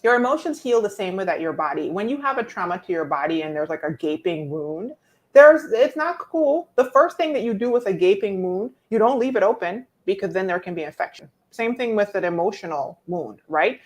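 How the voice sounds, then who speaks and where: A woman, hosting a casual live-stream coaching talk, reading viewer comments and answering them in an expressive, preacherly way. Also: mid-range voice, brisk, hardly any pauses. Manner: expressive and preacherly, teasing viewers by name, emphatic repetition.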